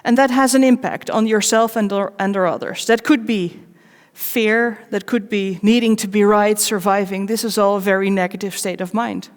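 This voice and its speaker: A woman delivers a conference talk in a large hall, and her voice carries a long reverb. Her pitch sits in the middle range. She speaks in short, measured phrases and stays candid and personal, with wry jokes at her own expense. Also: steady tone. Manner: candid and personal, with wry self-mocking asides.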